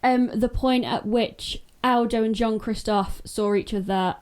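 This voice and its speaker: A woman co-hosting a casual podcast chat, relaxed, with brief replies. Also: a little high, unhurried, clean tone. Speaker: podcast co-host.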